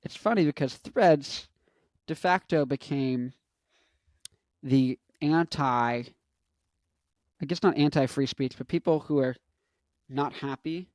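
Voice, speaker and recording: A man's voice: fairly high pitch, slow pace, long pauses, darkish tone, dry recording. A man in his twenties giving a casual commentary monologue, rambling and interrupting himself with joking asides. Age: 20s. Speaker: vlogger.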